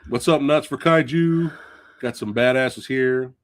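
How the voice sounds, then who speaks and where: A man hosting a live-stream movie review show, chatting casually with viewers, excitable and swearing freely. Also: mid-range voice, unhurried. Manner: chatty, addresses viewers directly.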